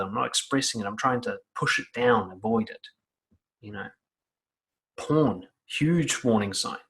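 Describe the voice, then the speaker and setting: A man's voice: mid-range voice, fairly bright tone. A man giving blunt, profane self-help advice straight to the listener. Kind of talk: direct-to-camera advice talk.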